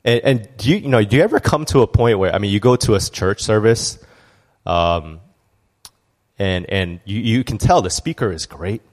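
Man, lowish voice, church speaker; chatty sermon, candid storytelling, restarts and asides. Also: animated, normal speed. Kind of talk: conversational sermon.

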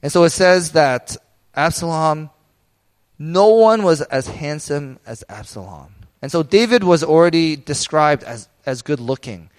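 A man's voice: fairly high pitch, lively intonation, measured pace. A pastor in his thirties preaching a sermon in a candid, conversational way, telling personal stories.

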